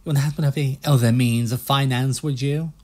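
A man voicing a pushy, fast-talking used-ship salesman with a put-on American salesman accent, reading game dialogue. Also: mid-range voice, steady tone, darkish tone, pitched above the performer's own voice, natural voice. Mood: smooth salesy. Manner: slick, hard-selling patter.

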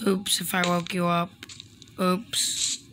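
A woman's voice: fairly low pitch, flat delivery, slow, heavy background noise. A woman hosting a casual Minecraft let's play, chatty and profane, talking back to the game characters. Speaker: gaming video host.

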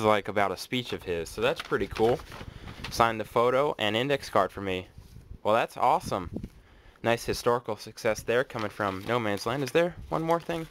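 A man casually unboxing mail on his vlog, chatty and excitable, thinking aloud as he goes. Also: medium pitch, slight background noise. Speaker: autograph collector vlogger.

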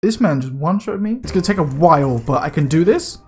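An excitable young man narrates his own gameplay, jumping from mutters to sudden shouts of alarm, with a very lively, swinging pitch. He swears freely and talks loosely, and faint game music plays under his voice. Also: fast talker. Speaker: let's play gamer. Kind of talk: casual gameplay commentary.

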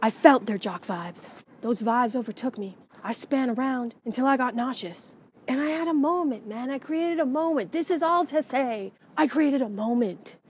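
A young woman filming herself outdoors at a rainy baseball field, rambling and swearing, her voice jumping from loud outbursts to near whispers. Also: high-pitched, lively intonation, moderate pace, a little hiss or hum. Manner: profane, rambling, swings from shouting to whispering. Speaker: vlogger. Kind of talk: rambling comedic vlog monologue.

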